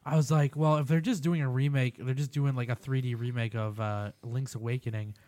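Podcast co-host guy, normal pitched voice, dry teasing humor. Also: steady tone, fairly quick, dark tone. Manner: wry, teasing jokes. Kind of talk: casual chat.

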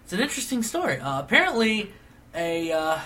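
A man's voice: high-pitched, sing-song, sharp tone. A man co-hosting a casual comedy show, reading news items aloud and tossing in playful quips. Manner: eager, playful, quick quips. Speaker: co-host.

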